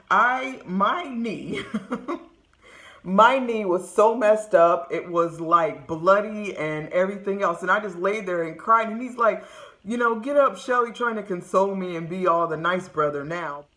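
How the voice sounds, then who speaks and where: A woman from California telling funny childhood stories straight to the camera, laughing often and acting out what people said. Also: mid-range voice. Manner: laughs often, lively retelling with acted quotes. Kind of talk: casual storytelling to camera. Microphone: camera close-up.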